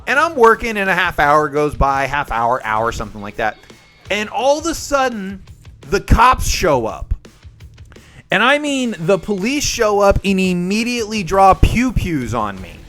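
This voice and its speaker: A young man hosting a live stream and telling a story to his viewers. His voice is high, bright and bouncy. He acts out the people in his story, and soft music plays in the background. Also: big pitch swings, unhurried. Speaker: livestream host. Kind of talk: casual storytelling chat with viewers.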